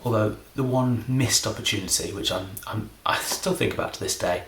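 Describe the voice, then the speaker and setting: Deep-voiced middle-aged english guy doing a rambly deadpan magic bit, roomy sound with a bit of hiss. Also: normal speed. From England. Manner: deadpan, self-deprecating, meandering. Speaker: comedy magician. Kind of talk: rambling comedic monologue.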